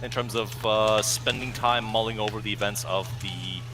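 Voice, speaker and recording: A man's voice: fairly low pitch, steady tone, normal speed, over music. A man co-hosting a gameplay video, talking in a musing, analytical, wordy way. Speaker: co-host gaming commentator. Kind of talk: casual gameplay chat.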